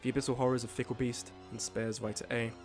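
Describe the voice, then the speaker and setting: A man hosting a live stream, reading out game events in casual commentary, excitable and swearing freely while joking with his chat. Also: mid-range voice, fast, soft background music. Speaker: streamer host.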